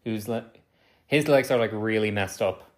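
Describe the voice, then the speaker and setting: A man's voice: lowish voice, moderate pace. A man co-hosting a podcast, chatting casually about a movie in an easygoing, agreeable way. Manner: easygoing, agreeable, frequent yeahs. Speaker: podcast co-host. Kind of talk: casual movie-review chat.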